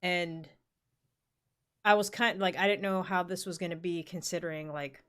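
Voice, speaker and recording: A woman's voice: lowish voice, fairly even intonation, normal speed, fairly bright tone, clear, resonant tone. A woman in her forties telling a rambling work story in casual chat, full of fillers and the odd swear word. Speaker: podcast co-host.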